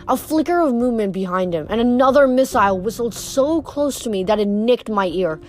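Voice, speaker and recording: A woman reading a novel aloud in steady first-person storytelling, with occasional stumbles and rereads. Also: fairly high pitch, a little fast, few pauses, soft background music. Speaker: reader.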